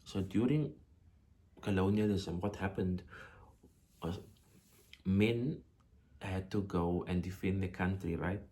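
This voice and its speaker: A male teacher walks a class through a poem at an unhurried pace. His voice is low and mellow, and he repeats words as he builds each point. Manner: repeats words and phrases for emphasis; slow, deliberate explanation with questions to the class. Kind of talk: poetry lesson for exam prep.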